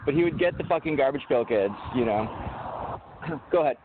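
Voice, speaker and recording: A man's voice: mid-range voice, animated, normal speed. A man chats casually as a podcast co-host, drifting into profane, rambling anecdotes. His voice comes through thin and phone-like. A faint hiss sits under it. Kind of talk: casual chat. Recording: tinny phone-like audio with faint noise.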